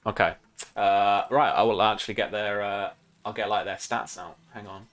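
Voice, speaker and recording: A man's voice: on the low side, fairly even intonation, normal speed, fairly bright tone, dry recording. A man as game master of a tabletop game, rambling with many fillers and restarts. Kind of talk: narrating a tabletop game on a stream.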